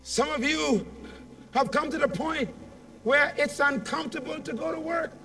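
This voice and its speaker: A man's voice: very high-pitched, normal speed, creaky, pushed and bright, recorded from a distance. A man giving a motivational speech to a convention audience, telling a story dramatically and leading call-and-response. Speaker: motivational speaker. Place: large convention hall.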